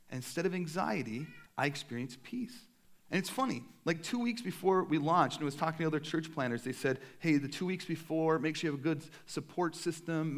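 A young man, a pastor, preaching a sermon in a casual, animated way with self-deprecating humor. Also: fairly high pitch.

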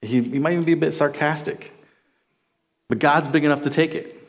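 A little high-voiced and fairly quick, a man in his forties from Minnesota works through a psalm as a Bible teacher. The delivery is a casual, eager sermon that keeps restarting itself.

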